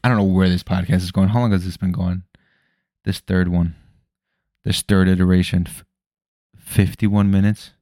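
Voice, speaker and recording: A young man with a low, deep voice talks loosely into the mic. He rambles, swears freely and jumps between thoughts. The sound is dry and close. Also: steady tone, normal speed, long pauses, darkish tone, no echo. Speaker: podcast host. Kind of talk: casual solo podcast chat. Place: home room at night.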